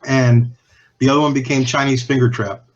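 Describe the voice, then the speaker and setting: A man's voice: mid-range voice, level tone, brisk, lo-fi sound, crowd noise. A man guesting on a podcast, telling cigar-industry stories in a candid, profane, rambling way that often restarts and trails off. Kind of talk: casual anecdotal storytelling.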